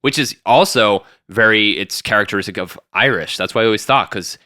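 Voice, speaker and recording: Young male podcast co-host, bright, slightly low voice, animated and jokey, dry close mic. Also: a little fast, no room sound. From Tampa, Florida. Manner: animated, jokey, jumps in often, many restarts. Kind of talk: casual chat.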